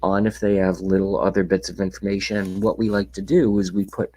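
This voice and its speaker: His voice is deep, mellow and husky, delivered flatly and fairly quickly through a webcam mic in a low-quality recording. He's a livestream host ranting casually to his chat, sarcastic and profane, at times lowering to a whisper.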